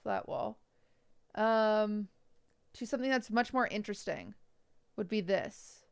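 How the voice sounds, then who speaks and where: A woman's voice: mid-range voice, animated, unhurried, smooth, dry recording, studio quality. A young woman streaming live, chatting casually and giving frank, blunt design advice, sometimes swearing for emphasis. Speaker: streamer reviewing viewers' bedrooms.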